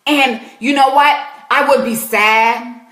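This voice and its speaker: A woman's voice: high voice, steady tone, slow pace, fairly bright tone, roomy sound. A woman with a South Carolina accent, a Christian life coach answering viewers' questions on a live stream in an emphatic, preachy way. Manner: emphatic, preachy, talks back to viewers' comments.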